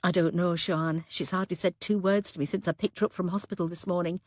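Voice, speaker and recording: A woman voicing a caring, weary pathologist who speaks gently and plainly. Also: on the low side, fairly even intonation, fairly quick, no echo, studio quality, close to an everyday voice. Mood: gentle.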